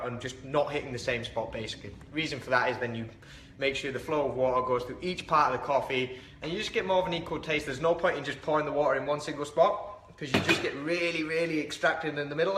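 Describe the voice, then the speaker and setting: A chatty man walks through a coffee brew in a casual vlog, rambling and poking fun at himself. His voice is bright and sits a little high for a man. The room around him rings with echo. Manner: chatty, rambling, self-deprecating. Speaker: coffee reviewer. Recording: echoey room.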